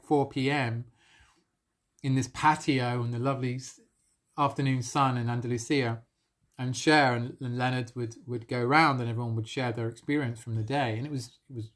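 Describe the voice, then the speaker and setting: Earnest man sharing a spiritual story. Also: mid-range voice. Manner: earnest and emotional, laughs softly between phrases. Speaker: spiritual coach. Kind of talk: live-streamed personal storytelling.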